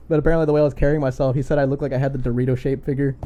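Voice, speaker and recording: A man's voice: mid-range voice, level tone, racing, dark tone, dull audio, a little hiss or hum. A young man co-hosting a podcast, telling rambling stories with frequent laughs. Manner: laughs often, rambling storyteller. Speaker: podcast co-host. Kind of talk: casual chat.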